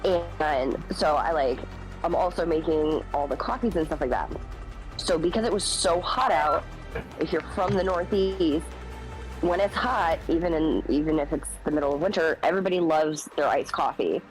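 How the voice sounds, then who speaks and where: A woman's voice: low-pitched, moderate pace, poor audio. A young woman streamer telling a work story in casual chat, acting out the people she quotes. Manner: animated, acts out quoted voices. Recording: music playing behind.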